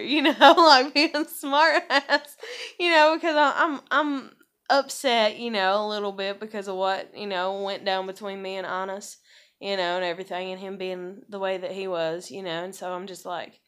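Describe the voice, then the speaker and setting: A woman's voice: mid-range voice, normal speed, fairly bright tone. A woman talking in a casual vlog, rambling and profane, with lots of "like" and "you know.". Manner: heavy use of fillers "like" and "you know". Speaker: vlogger.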